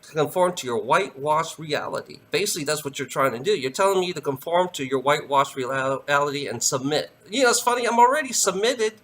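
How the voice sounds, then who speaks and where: A man ranting straight to camera, heated and profane. His voice sits a little high and swings widely up and down. The tone is bright and forceful, and he keeps circling back to the same phrases. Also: lively intonation, fast talker, hardly any pauses. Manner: heated, profane, repeats "you know" often.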